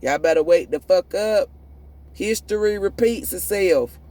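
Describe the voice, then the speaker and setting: A woman's voice: fairly low pitch, a little slow, warm tone. A woman tarot reader delivering a profane, preachy spiritual rant, emphatic and prone to repeating and restarting words when fired up. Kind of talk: ranting spiritual monologue.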